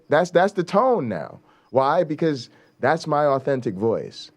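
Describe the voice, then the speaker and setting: A man's voice: a little high, sing-song, normal speed, hardly any pauses. A man hosting a talk show in casual commentary, blunt and emphatic, swearing freely and often checking in with a rhetorical "right?".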